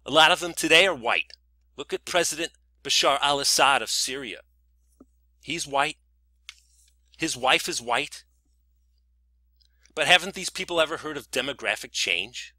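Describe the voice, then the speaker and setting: A man vents in a sarcastic, indignant monologue, piling up rhetorical questions. His voice is strikingly bright and cutting. The sound is dry and close, with no room around it. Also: a little high, expressive, normal speed, pauses often, no room sound. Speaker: vlogger. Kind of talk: scripted ranting monologue.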